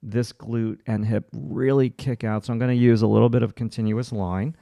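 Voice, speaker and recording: A man's voice: medium pitch, steady tone, moderate pace, creaky, dark tone, no echo, studio quality. A man teaching a livestreamed drawing lesson, talking through each stroke as he sketches and encouraging viewers to keep going. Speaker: art instructor.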